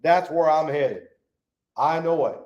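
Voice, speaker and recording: A folksy man leads a Bible study and reads scripture aloud. His voice sits a bit high for a man, and he leans hard on key words. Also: slow, a little mellow, dull audio.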